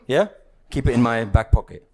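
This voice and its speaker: A man's voice: medium pitch, lively intonation, normal speed, darkish tone, a little hiss or hum. Chatty man teaching a live audience. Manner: conversational, teasing, keeps checking in with "yeah?" and "right?". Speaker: spiritual teacher.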